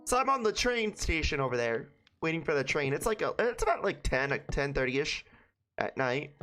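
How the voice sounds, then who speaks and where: Lively, foul-mouthed streamer from Brooklyn. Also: mid-range voice, moderate pace, faint music behind. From Brooklyn, New York. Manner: profane, rambling anecdotes with frequent restarts. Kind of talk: casual stream chat, storytelling to chat.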